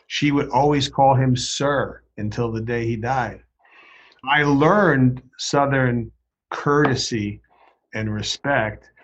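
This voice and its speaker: Husky man with a Brooklyn accent. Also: medium pitch, takes it slowly, highs cut off. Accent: Brooklyn New York. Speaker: co-host. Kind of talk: casual podcast chat.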